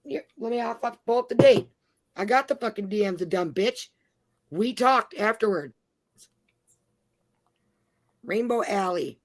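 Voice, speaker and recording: A woman's voice: a little high, animated, moderate pace, no echo. A woman venting in an angry, profane rant, swearing nearly every sentence.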